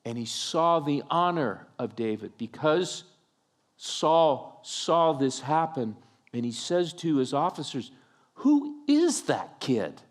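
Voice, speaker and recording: A man's voice: on the high side, takes it slowly. A male pastor preaching a sermon, telling a story with humorous asides and acting out the scenes.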